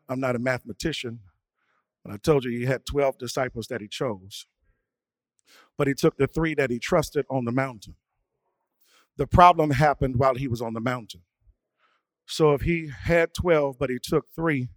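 A male preacher who swings from hushed, quiet asides to sung, shouted preaching. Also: medium pitch, vocal fry, dry recording. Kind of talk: sermon.

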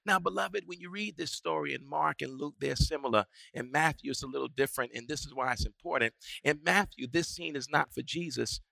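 A male pastor preaching a sermon, moving from quiet teaching to shouted, rising preaching and back down to near-whispers. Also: fairly high pitch, brisk, creaky, no echo.

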